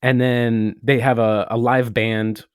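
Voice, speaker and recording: A man's voice: medium pitch, little pitch movement, takes it slowly, smooth, no echo, clean studio sound. A man co-hosting a podcast, telling a story in a rambling, casual way and swearing now and then. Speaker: podcast co-host. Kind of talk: casual chat.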